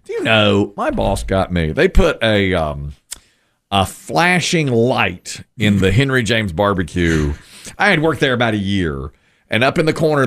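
A man in his fifties hosting a radio talk show, telling long stories and laughing often. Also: on the low side. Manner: storytelling, animated, laughs often. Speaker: radio host. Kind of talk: casual radio chat.

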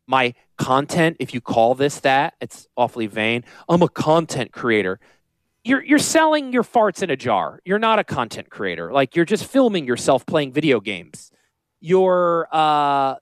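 A man with a northern US accent hosting a radio show, talking in a high-pitched voice, joking and rambling off on tangents. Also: no room sound. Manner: animated, joking, goes off on tangents. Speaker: radio show host and financial planner.

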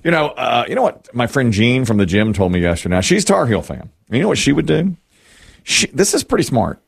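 A man's voice: medium pitch, big pitch swings, a little fast, vocal fry, breathy edge. A middle-aged man from North Carolina hosting a sports talk radio show, telling stories with playful exaggeration.

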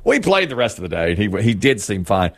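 A man co-hosting a casual talk show, telling an animated story and acting out the people in it. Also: fairly low pitch, fast.

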